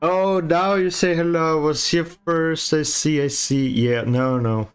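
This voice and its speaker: Male art streamer, unhurried delivery, mock-grumpy banter with chat, lots of swearing, mouth full of ice. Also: a little high, fairly even intonation, clear, resonant tone. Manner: sarcastic, teasing, swears and laughs often; chewing ice while talking. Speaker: livestreaming artist. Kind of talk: casual stream chat while painting.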